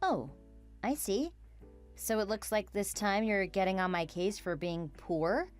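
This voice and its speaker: A woman voicing a calm, reasonable young woman who keeps asking questions, puzzled by her roommate's rudeness. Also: mid-range voice, a little slow, faint music behind, lightly acted.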